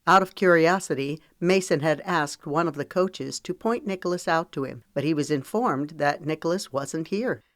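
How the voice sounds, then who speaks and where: A low-voiced woman tells an audiobook's story in a steady, measured fashion. The clean studio recording is free of echo.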